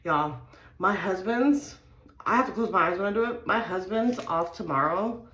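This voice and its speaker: A woman's voice: medium pitch, lively intonation, moderate pace, a bit bright. A woman vlogger casually walking viewers through a home injection, chatty and a little nervous, saying y'all. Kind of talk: casual how-to vlog. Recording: echoey room.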